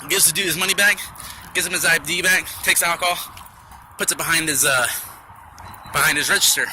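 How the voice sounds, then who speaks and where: A young man telling a story from work in a rambling, profane, animated way, outdoors at night. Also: a little high, fairly quick, background noise. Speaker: vlogger. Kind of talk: casual storytelling.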